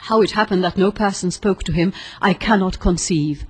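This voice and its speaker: Husky woman narrating an audiobook. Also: medium pitch, normal speed.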